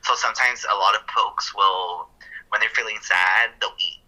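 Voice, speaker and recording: A man co-hosting a podcast, explaining counseling ideas in a casual, thoughtful way, working through his points with fillers and quick self-corrections. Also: lowish voice, steady tone, bright, forceful tone, low-quality recording.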